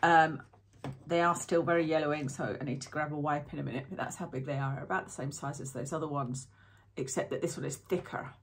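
Woman vlogger with a lowish voice, rambling and chatty while reviewing products. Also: steady tone, a little fast, slight background noise. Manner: rambling, self-interrupting, chatty. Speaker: beauty vlogger.

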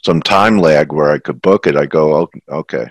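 A man's voice: extremely low pitch, moderate pace, no room sound, low-quality recording. A man hosting a casual interview, chatty and reminiscing with his guest. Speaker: host.

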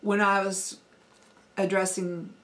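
A woman's voice: mid-range voice, level tone, slow, a bit bright. Folksy Midwestern woman chatting. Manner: chatty, folksy, frequent ums and laughs. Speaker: homesteading vlogger. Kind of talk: casual accent challenge chat.

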